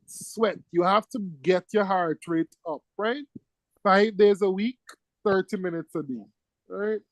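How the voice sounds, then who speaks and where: A male teacher giving a classroom lecture, lively and teasing, firing questions at his students. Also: high-pitched, measured pace, dry recording, poor audio.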